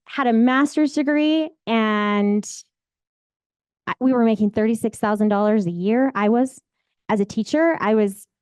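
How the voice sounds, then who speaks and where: A real estate agent in her forties tells her life story with candid, rambling emotion. Her voice sits a little high and smooth, recorded dry and close with no room sound around it.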